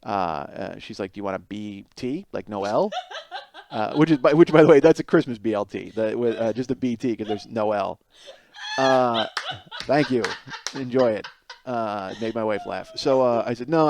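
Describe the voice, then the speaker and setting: On his podcast, a man with a lowish voice talks fairly quickly, with no room sound, recounting a comic story from his home life. He grows animated and exasperated, swearing a lot and acting out the dialogue.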